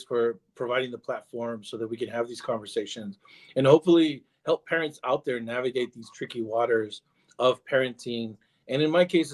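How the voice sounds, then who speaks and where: A man who is a parenting coach and co-host, speaking in an easygoing, appreciative way and hedging his words. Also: medium pitch. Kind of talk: conversational podcast talk.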